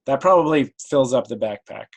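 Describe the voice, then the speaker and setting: Brief: easygoing male game master, mid-pitched, explains rules, chuckles a lot. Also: a little fast, vocal fry, slightly rough, poor audio. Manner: relaxed, explanatory, laughs often. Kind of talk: narrating a tabletop game.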